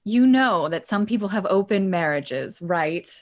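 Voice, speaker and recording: A woman's voice: mid-range voice, animated, measured pace. Playful woman at a game table. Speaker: player. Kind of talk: casual game table chat.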